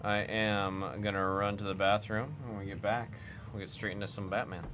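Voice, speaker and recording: On a trading card break livestream, a man with a lowish voice speaks flatly at a normal pace over a noisy background. He chats casually and reads off lists while working his computer.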